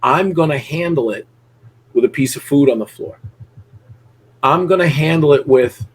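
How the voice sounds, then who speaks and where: A man's voice: on the high side, moderate pace, breathy edge. A middle-aged man working as a dog trainer, coaching a student bluntly with salty language and acting out his dogs in voices. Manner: blunt, profane, acts out dogs and people in voices. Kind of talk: live coaching session.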